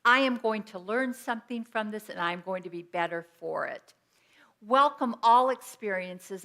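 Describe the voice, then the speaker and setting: A woman's voice: mid-range voice, pushed and bright. A woman minister giving an earnest, personal sermon in a conversational teaching style with everyday examples.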